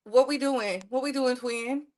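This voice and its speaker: A woman's voice: high-pitched, takes it slowly, darkish tone. A woman hosting a casual live stream, chatting playfully with viewers and repeating her phrases. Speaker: livestream host.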